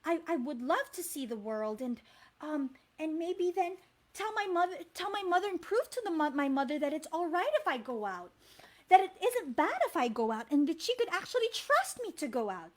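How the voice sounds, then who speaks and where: A woman's voice: sits high, sing-song, normal speed. A woman with a Filipino accent voicing a sheltered, curious young girl in a fairy tale, wondering aloud. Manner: wondering, talks to the kids.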